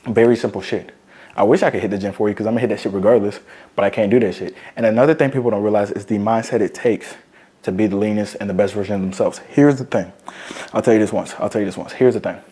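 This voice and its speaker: A man's voice: on the low side, quick pace, dark tone, husky. A man ranting bluntly to camera as a fitness coach, profane and emphatic, repeating his points for stress. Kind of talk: blunt motivational rant to camera.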